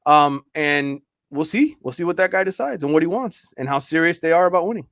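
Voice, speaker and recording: A man's voice: on the high side, expressive, brisk, a bit bright, dry recording, clean studio sound. A man, a sports reporter guest on a radio show, talking in casual conversation with stammered restarts and a reassuring tone. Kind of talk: casual interview chat.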